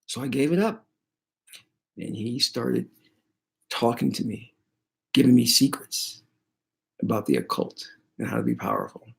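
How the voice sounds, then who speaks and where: A man who teaches spirituality, retelling a personal story in an animated, dramatic way. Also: medium pitch, measured pace, creaky, pauses often. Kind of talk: storytelling monologue.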